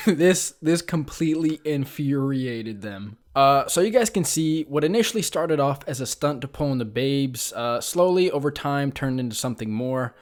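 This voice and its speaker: A man's voice: medium pitch, lively intonation, moderate pace. A young man and vlogger telling a comic story about his past in a casual, self-mocking way, with frequent ums and uhs. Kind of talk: comedic storytime narration.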